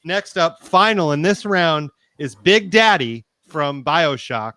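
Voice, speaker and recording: A man's voice: fairly high pitch, animated, bright, forceful tone, no room sound. A man co-hosting a casual podcast stream, steering the chat through a game-character bracket. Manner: steers the talk, quick bursts then trailing off. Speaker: podcast co-host running the bracket.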